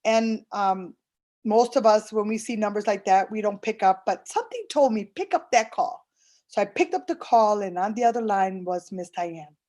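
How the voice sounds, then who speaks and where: A woman's voice: medium pitch, normal speed, dark tone. A woman, an early intervention interpreter, giving a personal testimonial and telling her story earnestly while acting out past conversations.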